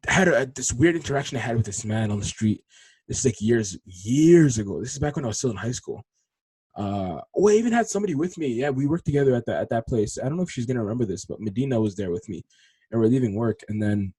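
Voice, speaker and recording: A young man in his twenties hosting a solo podcast, telling a rambling story in casual slang, dropping to low mutters and then rising to loud, animated outbursts. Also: slightly rough, no room sound. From Congolese heritage. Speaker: podcast host.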